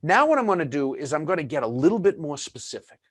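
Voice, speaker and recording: A man's voice: on the high side, big pitch swings, quick pace, a bit bright, dry recording. A man presenting a webinar in a chatty, conversational way, full of fillers and asides.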